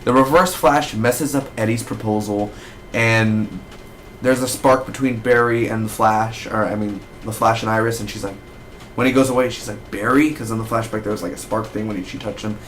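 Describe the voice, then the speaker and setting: A man giving a casual spoken review of a TV episode, rambling and excitable with lots of fillers. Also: on the low side, moderate pace, slight background noise. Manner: rambling, excitable fan talk with many fillers.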